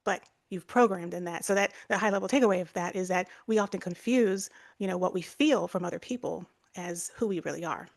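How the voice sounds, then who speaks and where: A woman's voice: lowish voice, fairly quick, creaky, hardly any pauses. A woman co-hosting a podcast, explaining ideas in a casual, chatty way with lots of fillers and restarts. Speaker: podcast co-host.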